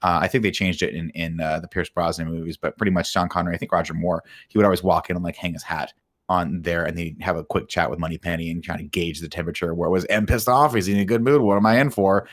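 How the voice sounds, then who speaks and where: A man co-hosting a podcast, casually retelling film scenes with lively acted-out quotes and plenty of swearing. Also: sits low, fast talker. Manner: animated retelling, acts out quotes, swears freely. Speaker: podcast co-host.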